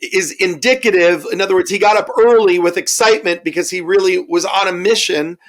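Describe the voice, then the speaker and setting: A man's voice: high voice, fairly quick. A man, a bishop hosting a Bible study discussion, affirming and reflective. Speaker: bishop, host.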